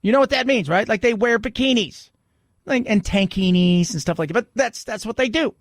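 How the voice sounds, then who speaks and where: A man's voice: high-pitched, lively intonation, brisk, no echo, studio quality. A man hosting a talk radio show, delivering an opinionated monologue with sarcastic, mocking asides.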